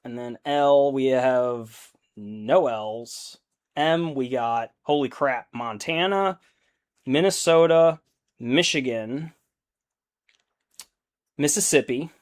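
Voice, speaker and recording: A man in his young adult years talks in an unhurried, drawn-out way during a casual live stream, mid-pitched and easygoing. He rambles and thinks aloud while he paints, breaking into laughter often.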